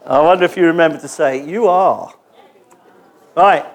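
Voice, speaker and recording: A man preaching a sermon in a church gathering, animated and joking as he leads the congregation in call-and-response. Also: fairly high pitch, normal speed.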